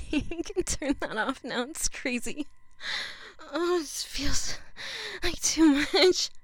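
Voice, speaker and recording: A woman's voice: high voice, lively intonation, takes it slowly, no echo. A woman streaming live, breathless and gasping, talking in pleading bursts. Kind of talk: intimate adult live stream.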